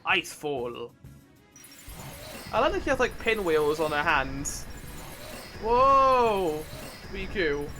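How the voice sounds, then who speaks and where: A chatty man with a bright, forward voice talks his way through a game, reacting and musing aloud. He sits a little higher than most men in pitch, with soft game music behind him. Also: slow pace, pauses often. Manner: chatty, excitable, thinks aloud. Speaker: let's play host. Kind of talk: casual gameplay commentary.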